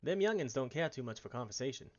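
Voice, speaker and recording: A man's voice: mid-range voice, lively intonation, fast, lo-fi sound, close to an everyday voice. A man voicing a chatty, folksy male merchant aboard a ship, reading game dialogue with a wobbly attempt at an Irish accent. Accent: attempted Irish, drifting. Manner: folksy, slangy, wavering accent.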